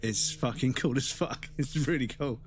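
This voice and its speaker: A man's voice: mid-range voice, normal speed, faint music behind. A British man streaming a horror game from home into a desk microphone, chatting with viewers and swearing freely. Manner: chatty, swears freely, reads chat aloud. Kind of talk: casual live gaming stream. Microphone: desk microphone on a stand.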